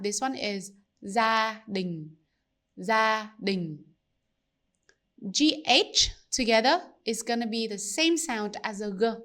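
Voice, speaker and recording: A woman teaching pronunciation, slowly demonstrating sounds and repeating them for learners. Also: a little high, a bit bright. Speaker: language teacher. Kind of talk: pronunciation lesson.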